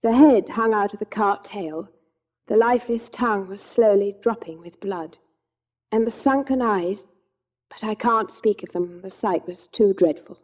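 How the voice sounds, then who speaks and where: A woman narrating an audiobook of a classic children's novel in a measured, gentle reading. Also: mid-range voice. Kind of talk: scripted storybook narration.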